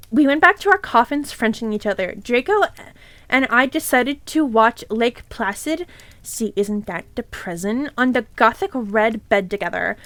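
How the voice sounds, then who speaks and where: A woman streamer reads a fanfic aloud, swearing freely and breaking off for giggly, irreverent asides. Her voice is high, and the sound is close and dry with no room around it. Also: fairly bright tone, no echo.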